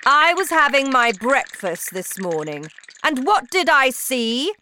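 A woman voicing a cruel, bossy female witch leader who shouts her orders with scorn, in a storybook reading. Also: high-pitched, very animated, takes it slowly, slight background noise, voice pushed up, exaggerated voice. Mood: scornful, commanding. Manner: shouting, commanding, contemptuous.

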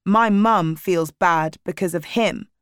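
A woman reads a hurt teenage girl who answers bluntly and defiantly. The lines come at a slow pace in a low voice. The sound is dry and close. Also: smooth, no echo.

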